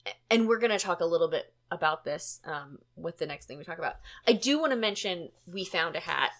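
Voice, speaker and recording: A woman hosting a podcast in casual chat, animated and chatty with plenty of fillers. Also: on the low side, brisk. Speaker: podcast host.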